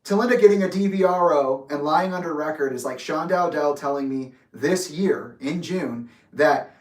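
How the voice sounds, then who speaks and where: A man's voice: on the high side, moderate pace, a little mellow. Angry young man, echoey distant sound. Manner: angry, heated, swearing, acts out quoted arguments. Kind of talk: emotional personal monologue. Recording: roomy echo, voice a bit distant from mic.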